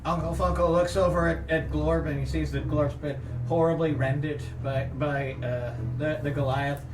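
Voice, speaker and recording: A man playing a tabletop role-playing game, explaining rules quickly with stammering restarts. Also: on the high side, steady tone, roomy sound, far from the mic, music in the background. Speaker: player.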